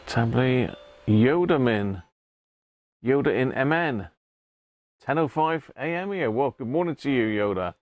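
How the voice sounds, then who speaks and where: A man's voice: medium pitch, expressive, a little slow, long pauses, no room sound. A man hosting a casual livestream, chatting with viewers and greeting them by name, laughing often. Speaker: livestream host. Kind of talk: casual live chat with viewers.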